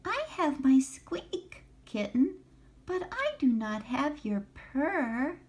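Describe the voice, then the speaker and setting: An older woman reading a picture book, voicing a nervous tiny mouse with a timid squeak. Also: very animated, takes it slowly, a little mellow, exaggerated voice.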